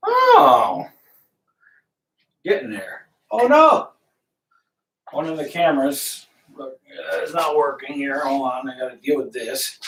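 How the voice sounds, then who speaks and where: A man's voice: fairly high pitch, sing-song, slow, vocal fry, pauses often, a bit bright, distant mic, slight background noise. A man chatting casually during a live painting stream, thinking aloud as he works. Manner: rambling, thinking aloud, greets viewers. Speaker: painter livestreaming. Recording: roomy, from off the mic.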